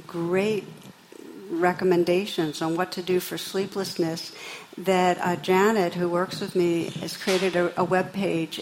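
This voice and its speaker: Woman meditation teacher, calm unhurried storyteller, lowish voice, faint room ambience. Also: slight background noise, rough recording. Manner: gentle, unhurried, warmly storytelling. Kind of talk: dharma talk to a live audience.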